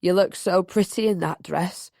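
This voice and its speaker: A woman's voice: on the low side, moderate pace, gravelly, mellow, no room sound, studio quality. A woman voicing a drunk, lovesick young man who slurs his words languidly. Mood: drunk, maudlin. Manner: slurred, languid speech.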